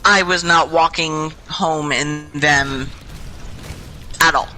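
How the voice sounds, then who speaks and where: A young adult woman casually telling a long, rambling story over game voice chat, chatty and animated, swearing freely. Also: low-pitched, takes it slowly, slight background noise, poor audio. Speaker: gaming group member. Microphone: headset or desk mic in online voice chat.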